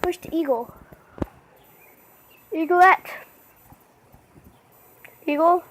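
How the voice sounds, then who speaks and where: Woman vlogger, high voice, outdoors, chatty, on a phone camera, faint background noise. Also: extremely slow, low-quality recording. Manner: chatty, talks straight to viewers. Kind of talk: casual vlog narration to viewers. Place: outdoors under a stormy sky.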